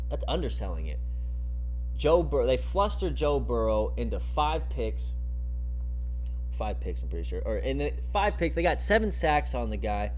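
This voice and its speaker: Young male sports host, mellow tone, mid-range voice; energetic, profane, opinionated solo recap. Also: mid-range voice. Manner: energetic, swearing, opinionated rants. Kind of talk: casual solo football recap.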